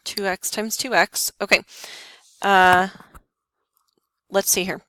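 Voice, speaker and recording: A woman teaching a math lesson, talking students through each step with quick questions to the class. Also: mid-range voice, steady tone, sharp tone, no echo. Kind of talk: lesson walkthrough.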